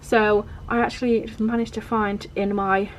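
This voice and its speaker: A woman's voice: medium pitch, level tone, normal speed. A woman vlogger chatting casually through her journal pages, rambling and peppering her talk with fillers. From England.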